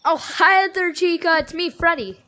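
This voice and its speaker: A woman's voice: very high-pitched, normal speed, pushed and bright, highs cut off. A woman playing a night guard in VR game role-play, teasing and playful.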